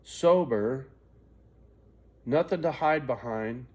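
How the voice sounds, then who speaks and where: Middle-aged male vlogger, profane and confiding, mid-pitched, rambling storyteller. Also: slow, darkish tone, lo-fi sound. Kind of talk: personal storytelling vlog.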